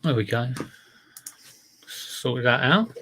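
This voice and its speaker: A man's voice: medium pitch, animated, takes it slowly, bright, forceful tone, a little hiss or hum. A man hosting a casual reseller livestream, chatting to viewers in a rambling way while he handles and lists items.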